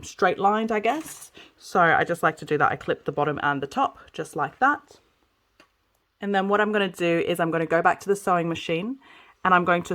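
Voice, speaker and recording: A woman talking through a sewing tutorial step by step, chatty and relaxed, often checking in with viewers as she works. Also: lowish voice. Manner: chatty, explains as she works, frequent "okay" and "so". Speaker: sewing instructor. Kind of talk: casual step-by-step craft tutorial.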